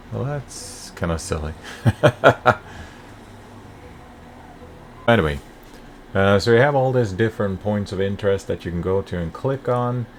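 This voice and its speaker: A man hosting a casual first look at a game, talking in a relaxed, rambling way with many fillers. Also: lowish voice, a little hiss or hum. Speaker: game channel host.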